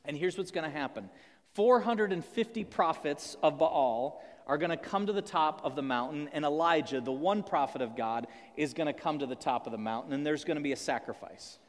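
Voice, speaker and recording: A man preaching a sermon, telling the story in a lively way with humorous asides. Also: fairly high pitch, fairly quick. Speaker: pastor. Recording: long hall reverb.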